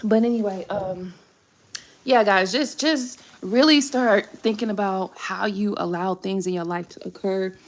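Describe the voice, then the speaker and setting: A woman's voice: medium pitch, measured pace. A young woman, a tarot reader chatting casually and candidly on a live stream, swearing freely.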